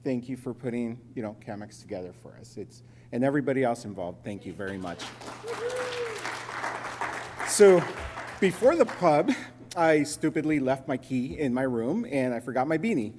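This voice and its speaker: A man from Los Angeles presenting at a conference, telling a joking story in an animated way. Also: mid-range voice, normal speed, some chatter behind, slight background noise. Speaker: sponsor presenter. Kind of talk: conference talk with anecdote. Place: conference hall. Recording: reverberant conference hall.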